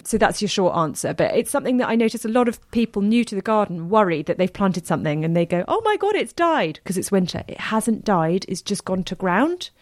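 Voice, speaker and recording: A woman in her thirties chatting on a podcast in a mid-pitched voice, giggly and warm-humoured as she explains things patiently. The recording is dry and close, with no room sound. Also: a little fast, hardly any pauses, no echo. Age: 30s. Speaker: podcast co-host, gardening expert. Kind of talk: casual chat.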